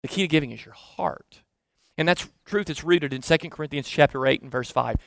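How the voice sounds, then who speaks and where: A Southern American man in middle age delivers a sermon with a high voice. He talks to the congregation like a neighbor, stacking up emphatic phrases and then falling to soft, hushed remarks. The recording is close and dry. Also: a little fast, creaky, no echo. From Southern United States. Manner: conversational preaching, rising to emphatic lists, dropping to hushed asides. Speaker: pastor.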